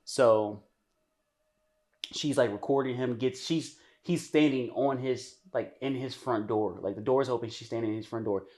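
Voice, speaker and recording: A man's voice: medium pitch, moderate pace, a little mellow. A man co-hosting a podcast, retelling a story in casual chat with many restarts. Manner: rambling, many restarts, acts out quotes. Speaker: podcast co-host.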